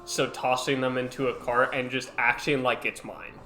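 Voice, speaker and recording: A man's voice: medium pitch, level tone, normal speed, bright, forceful tone, faint music behind. A man playing in a tabletop game, chatting casually and joking between rolls. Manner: joking, laughs between lines. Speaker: player.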